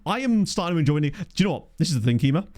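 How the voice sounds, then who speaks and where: A man's voice: on the high side, sing-song, very fast, a little mellow. A man casually commentating his football management game on stream, chatting with viewers and laughing often. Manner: chatty, reads chat aloud, laughs often.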